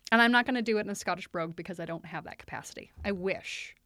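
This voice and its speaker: A woman's voice: medium pitch, fairly bright tone, no echo. A woman co-hosting a casual book discussion, playful and enthusiastic as she sums up a story. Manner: playful, enthusiastic, quick to laugh. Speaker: podcast co-host.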